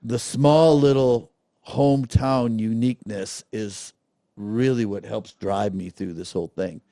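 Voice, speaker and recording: A man's voice: fairly low pitch, a little slow, vocal fry, dry recording, clean studio sound. A middle-aged man, telling stories in a casual interview and acting out the voices of people he quotes. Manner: animated storyteller, acts out quotes. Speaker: guest, festival director.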